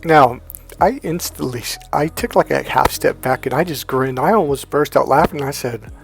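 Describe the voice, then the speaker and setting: Man, dating coach, profane and emphatic storytelling, mid pitch, soft music behind. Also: moderate pace, gravelly. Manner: profane, emphatic, repeats "here's the deal". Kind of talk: storytelling advice monologue.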